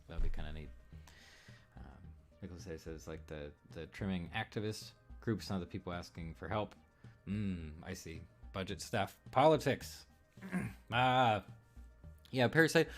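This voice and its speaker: A man casually chatting on a livestream while he draws, reading out chat comments and rambling about movies. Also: fairly low pitch. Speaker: streamer.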